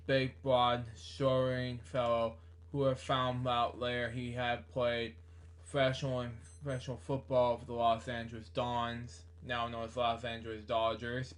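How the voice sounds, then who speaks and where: Slow, flat man reading a book aloud. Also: medium pitch. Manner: halting, many fillers and self-corrections. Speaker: book reader.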